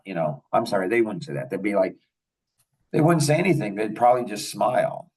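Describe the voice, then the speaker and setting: A man's voice: medium pitch, a little mellow, breathy edge, far from the mic, poor audio. An older man hosting a podcast, telling rambling anecdotes in casual chat and chuckling often. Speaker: podcast host.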